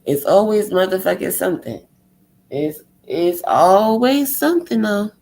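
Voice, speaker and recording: A woman speaking rants on a live stream. Her talk is blunt, heated and full of profanity, at a medium pitch that sits in the middle for a woman. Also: very animated, unhurried, a little mellow.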